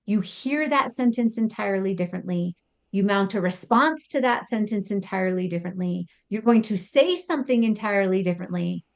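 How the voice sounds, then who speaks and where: A woman's voice: mid-range voice, dull audio. A woman psychotherapist explaining ideas in a podcast interview, acting out example thoughts as she goes. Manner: animated, acts out example thoughts in quotes. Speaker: psychotherapist guest.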